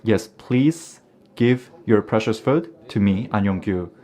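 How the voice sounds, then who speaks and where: A man's voice: fairly low pitch, animated, takes it slowly, dark tone. A man giving an earnest live English interpretation of a formal debate, sometimes restarting a phrase.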